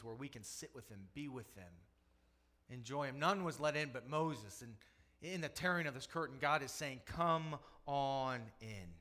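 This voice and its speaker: A middle-aged man, a pastor, preaching a sermon, moving from hushed storytelling to loud, impassioned preaching. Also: mid-range voice.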